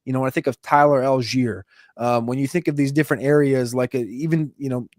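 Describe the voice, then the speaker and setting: A man of middle pitch breaks down football moves on a podcast. He thinks out loud with hedging fillers, and his voice is recorded dry and close. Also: steady tone, no room sound. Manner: thinking aloud, with hedging fillers and drawn-out pauses. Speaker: fantasy football podcast co-host. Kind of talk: casual sports chat.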